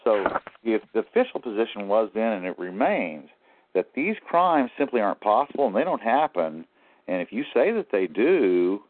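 A man's voice: on the low side, big pitch swings, moderate pace. A man as an interview guest, telling his story in a rambling, aggrieved way. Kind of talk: phone-in interview. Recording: tinny phone line.

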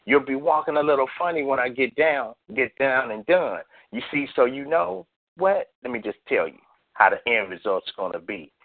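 A man's voice: medium pitch, expressive, moderate pace, no room sound. A man from the US West Coast, a guest poet reciting a boastful spoken-word piece in a rhythmic delivery. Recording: tinny phone line.

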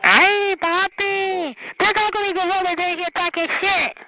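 Woman, very high voice, taunting singsong insults, tinny phone-like audio, loud noise. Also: fairly even intonation, measured pace. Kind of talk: heated argument.

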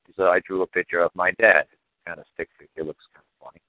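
New guy, real low voice, talks fast and blunt, swears a lot, dry phone-line sound. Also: fairly even intonation, dry recording. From New York. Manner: blunt and profane, full of "you know". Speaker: podcast guest. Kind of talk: casual storytelling.

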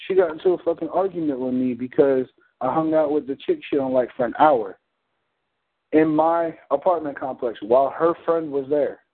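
A man's voice: on the high side, normal speed. A man on a community call, telling a story in a blunt, heated, profane way. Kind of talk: casual storytelling. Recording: phone-like call audio.

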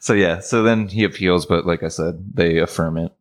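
Deep-voiced laid-back man. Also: normal speed. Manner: laid-back, laughs often while recounting cases. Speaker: podcast co-host. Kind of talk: casual chat.

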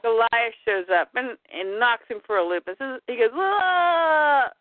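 A woman's voice: on the high side, normal speed, no room sound. A woman casually retelling a cartoon story in a chatty way, laughing now and then. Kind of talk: casual plot recap. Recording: dry, tinny phone-like line.

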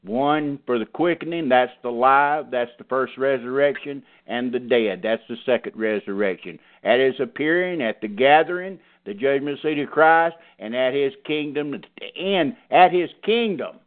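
A man preaching a sermon, folksy and emphatic, hammering on his key phrases. His voice sits at an ordinary middle pitch. The sound is narrow and phone-like. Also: moderate pace, few pauses. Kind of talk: sermon teaching.

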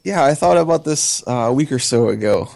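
A man's voice: mid-range voice, expressive, fairly quick, vocal fry, darkish tone, no echo. Guest spot: man from the States, mid-range voice, dry close sound, hesitant and curious. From United States. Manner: hesitant, curious, laughs a lot. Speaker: podcast guest. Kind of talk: casual podcast chat.

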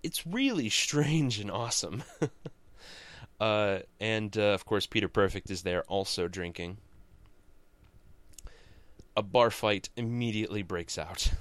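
A man's voice: fairly low pitch, a little slow, pauses often, fairly bright tone, dry recording. A man hosting a comics podcast, giving a casual, rambling and jokey recap that often interrupts itself.

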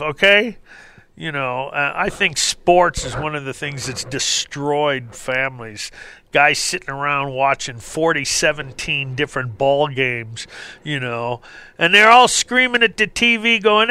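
A middle-aged man hosting a health call-in radio show, talking in an animated, jokey way. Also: on the high side, measured pace, clean tone, no room sound. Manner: animated, jokey, acts out voices. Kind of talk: health talk radio monologue.

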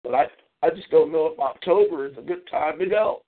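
A high-voiced man hosts a call-in talk show and rants in exasperation, his pitch jumping up and dropping low. The sound is thin and tinny, like a phone line. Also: a little fast.

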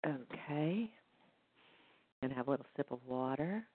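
Healer woman guiding a session, soft counting, dry tinny phone-quality sound. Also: deep voice, animated, unhurried, dry recording. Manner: gentle, counts rhythms aloud. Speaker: energy healing practitioner. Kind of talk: guided healing session.

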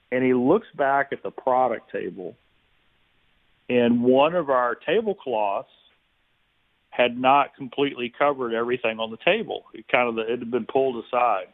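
A man telling a long personal story in an interview, relaxed and anecdotal, acting out the people in it. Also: mid-range voice. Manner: relaxed anecdotal, many restarts and quoted dialogue. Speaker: guest. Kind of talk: conversational storytelling. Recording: tinny phone-like line.

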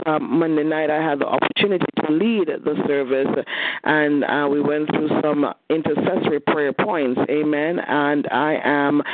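A man leading an intercessory prayer meeting, who fervently repeats "oh God" and "hallelujah" between his phrases. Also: fairly high pitch. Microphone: phone. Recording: noisy phone line.

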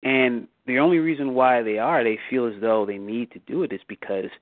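A man hosting a bible study talks at a middle pitch, pressing his points with repeated phrases and sudden climbs for rhetorical questions. His voice comes over a dry, tinny phone line. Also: normal speed, dry recording. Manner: emphatic, repeats and restarts, rising for rhetorical questions. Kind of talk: casual discussion on a call.

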